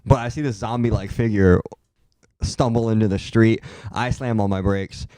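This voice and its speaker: A young man from Ohio, a comedian guest, tells stories in a laid-back way, laughing easily and swearing freely. His voice sits on the low side. It is recorded dry and close. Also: steady tone, moderate pace, mellow, no room sound. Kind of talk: casual storytelling chat.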